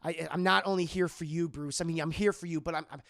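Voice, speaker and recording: A man's voice: on the high side, steady tone, fast, gravelly, a bit bright, dry recording, clean studio sound. A man voicing a conflicted young woman who speaks with urgent emotion.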